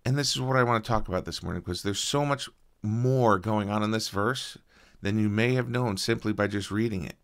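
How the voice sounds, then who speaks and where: Male pastor, low gravelly voice, earnest conversational sermon delivery. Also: brisk. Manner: earnest preaching, soft-spoken prayer with fillers.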